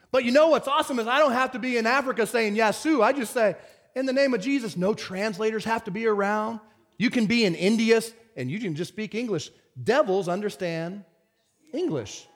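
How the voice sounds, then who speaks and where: High-voiced preaching pastor. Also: male voice, moderate pace. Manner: animated preaching, swings from shouts to whispers. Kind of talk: sermon.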